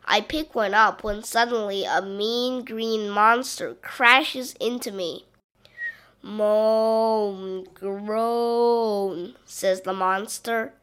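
A woman reading a children's Halloween picture book aloud, slow and expressive, with playful sound effects. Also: medium pitch. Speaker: storybook reader.

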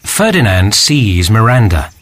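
A man narrating a graded reader story slowly and clearly. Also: fairly low pitch, sing-song, fairly bright tone, no room sound. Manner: slow and clear.

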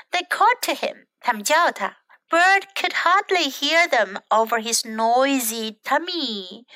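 A woman teacher whose first language is Mandarin, reading a children's story aloud slowly and expressively, line by line in English and Chinese. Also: high-pitched, dry recording. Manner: slow, expressive read-aloud, sentence by sentence.

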